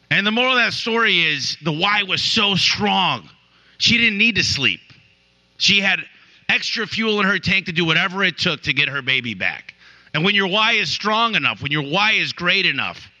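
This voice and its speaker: A man's voice: sits high, lively intonation, moderate pace, bright, forceful tone, lo-fi sound. A man giving a motivational talk to a room, telling stories and often restarting his sentences. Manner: storytelling with repeated restarts. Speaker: business owner giving a talk. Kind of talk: motivational speech. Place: room with an audience.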